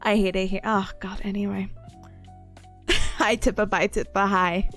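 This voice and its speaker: A woman's voice: medium pitch, flat delivery, measured pace, fairly bright tone, faint music behind. A young woman streaming casually, playful and giggly, mocking herself as she chats to her viewers. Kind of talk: casual live-stream chat.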